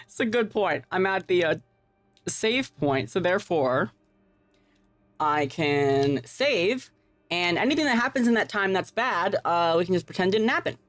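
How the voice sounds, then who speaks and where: A woman's voice: on the low side, animated, measured pace, no room sound. A woman streamer giving playful, profane live gameplay commentary, tacking "meow" onto her sentences. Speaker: game streamer.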